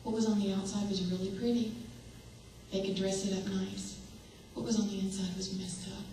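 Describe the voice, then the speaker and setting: A woman's voice: medium pitch, flat delivery, moderate pace, dark tone, recorded from a distance, a little hiss or hum. Woman preaching in an echoey hall. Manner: earnest, asks the audience direct questions. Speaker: speaker. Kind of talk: sermon.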